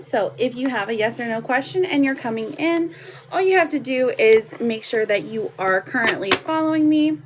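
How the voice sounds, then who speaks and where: A woman in her thirties reading tarot cards on a live stream, chatty and affectionate with her viewers. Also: a little high. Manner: chatty, affectionate, laughs often. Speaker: tarot card reader. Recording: noisy home live stream.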